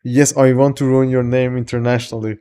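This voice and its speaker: A man's voice: mid-range voice, level tone, fairly quick, mellow, clear, resonant tone. A man with a Persian accent, a native Farsi speaker, streaming live and casually greeting viewers by name, loose and joking with some swearing.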